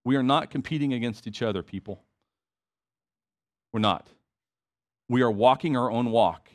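A man's voice: medium pitch, normal speed. A man preaching a sermon to his congregation, conversational with emphatic repetition and asides. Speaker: pastor.

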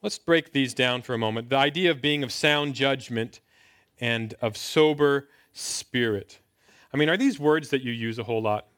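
A man's voice: mid-range voice, normal speed, a bit bright. A man in his thirties giving a conversational sermon as a pastor, asking rhetorical questions and leaning hard on key words. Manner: conversational preaching with rhetorical questions and emphatic rises. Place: indoors, filmed talk.

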